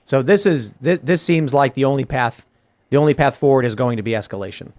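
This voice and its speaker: A man hosting a political talk show, arguing in an emphatic, rapid way. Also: medium pitch. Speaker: host. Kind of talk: casual political chat.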